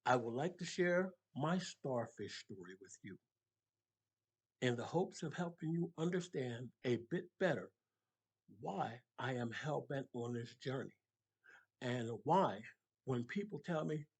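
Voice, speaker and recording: An older man speaks with preacherly emphasis, his voice climbing to passionate peaks. His tone is husky and slightly rough, set at an ordinary middle pitch. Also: lively intonation, unhurried. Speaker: motivational speaker. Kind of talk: impassioned motivational monologue.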